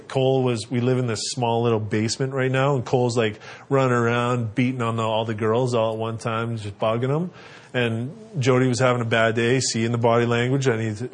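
A father in his thirties tells family stories and shares parenting advice in a casual, animated way. He acts out his kids in high, squeaky voices.

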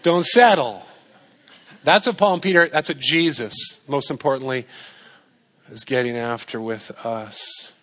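A man's voice: mid-range voice, moderate pace, pushed and bright. A man preaching a sermon in a conversational way, asking rhetorical questions and repeating his points for emphasis. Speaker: pastor.

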